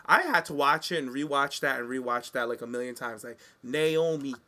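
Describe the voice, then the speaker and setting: Casting note: male co-host, bright and forceful tone, sassy and animated storytelling. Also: medium pitch, brisk. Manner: animated, sassy, acts out quotes. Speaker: podcast co-host. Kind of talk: casual chat recapping wrestling.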